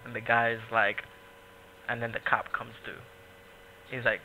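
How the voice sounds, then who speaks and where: Brief: New man, podcast host, swears freely, animated anecdotes, middle pitch. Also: normal speed, pauses often, slight background noise, rough recording. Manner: profane, animated storytelling with voiced quotes. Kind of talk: casual podcast chat.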